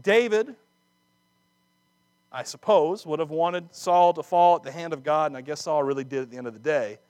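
A man preaching a sermon, acting out scripture dramatically with laughs and quick asides. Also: fairly high pitch, a little mellow, clear, resonant tone, dry recording. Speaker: pastor.

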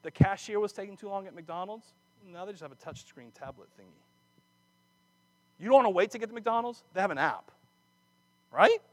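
A man giving a sermon, animated and chatty, often breaking off mid-phrase to start again and slipping in jokey asides. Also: high-pitched, brisk, long pauses, no echo. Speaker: preacher. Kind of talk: sermon with personal stories.

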